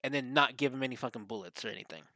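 A man, co-hosting a casual podcast chat, rambling and profane, getting animated when he quotes others. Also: medium pitch, racing, dry recording. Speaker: podcast co-host.

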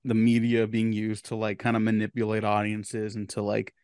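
A man's voice: lowish voice, monotone, moderate pace, a little mellow, clear, resonant tone, no echo. A man co-hosting a podcast, chatting casually with dry jokes and the odd swear. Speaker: podcast co-host. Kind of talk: casual chat.

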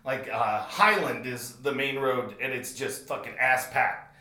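A man's voice: mid-range voice, a little slow, sharp tone, reverberant. A man hosting a podcast, telling a comedic story with lots of swearing, and his retelling grows frantic. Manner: profane, builds to frantic retelling.

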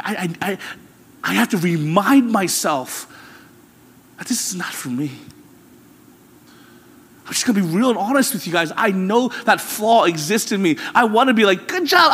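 Pastor, male, high-pitched, casual but building sermon, long reverb. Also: a bit bright, slightly rough. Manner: conversational, candid preaching with rising emphasis.

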